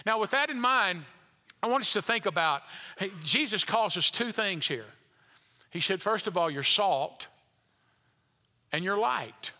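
Pastor, man, bright tone, emphatic sermon delivery, reverberant church hall. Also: high voice, animated, a little slow, pauses often. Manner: emphatic, repetitive preaching with rising intensity.

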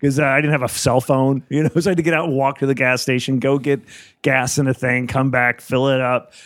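Animated storytelling comedian man. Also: medium pitch, fairly quick, dry recording, studio quality. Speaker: comedian guest. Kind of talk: casual chat, storytelling.

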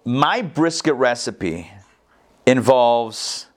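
A man giving an informal Torah class, animated, repeating phrases and answering his own questions. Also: medium pitch, very slow. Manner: coughs, gets excited.

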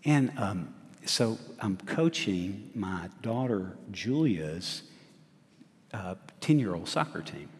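A man's voice: fairly low pitch, darkish tone. A middle-aged man preaching a sermon, asking his congregation questions and laughing at himself as he tells a story. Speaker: pastor. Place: church sanctuary. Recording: long church hall reverb.

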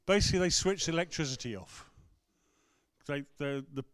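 A man's voice: fairly high pitch, animated, a little fast, clean tone, dry recording, studio quality. A man with an English accent, a rector preaching a sermon in a conversational, storytelling way. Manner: storytelling, conversational, acts out quotes. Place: church.

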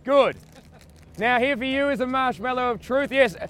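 An Australian man, a comedian, leading a mock tour on a busy city street outdoors with theatrical, grandiose tour-guide patter, sometimes leading the crowd in loud chants. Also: very high-pitched, normal speed, smooth.

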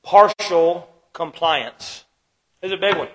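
A man preaching a sermon as pastor, swinging between loud emphatic lines and quiet ones, slowing down to stress key words. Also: sits high, low-quality recording. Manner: preaching with dramatic shifts in loudness and pace.

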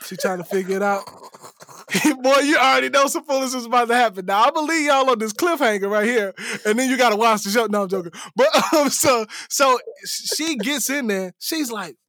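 A man co-hosting a casual podcast chat, retelling scenes in an animated way and acting out the people in them. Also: very high voice, a little fast, no room sound, studio quality. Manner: animated storyteller acting out quotes. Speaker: podcast co-host.

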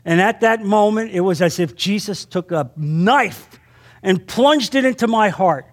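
A man's voice: high voice, measured pace. A middle-aged man preaching a sermon to a men's group, earnest and repetitive, often checking in with his listeners. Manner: earnest, repeats phrases, asks "you understand?". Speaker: Bible teacher.

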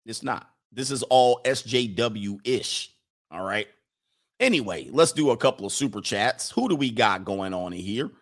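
A man's voice: on the low side, expressive, measured pace. Joking, rambling male livestreamer. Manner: rambling, joking, talks back to himself. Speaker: live-stream host reading viewer chats. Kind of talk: casual live-stream commentary.

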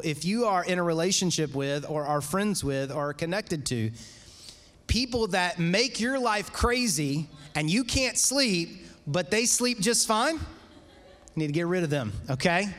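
A man preaching a sermon as pastor, conversational and animated, with casual asides to the congregation. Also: sits high, in a large hall. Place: church sanctuary.

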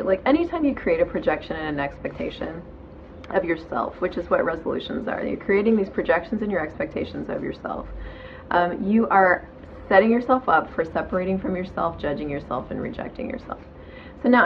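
A woman's voice: on the low side, muffled recording, slight background noise. A woman hosting her own show, giving casual self-help talk from home in bed in a frank, chatty way with casual swearing. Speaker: podcast host.

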